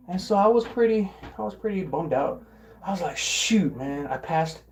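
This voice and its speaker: A man's voice: on the high side, big pitch swings, a little fast, a little mellow. Rambling man telling a work story. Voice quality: occasional throat clearing and coughing. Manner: rambling, repeats words and restarts, mimics coworkers in quotes. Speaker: vlogger. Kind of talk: casual storytelling monologue.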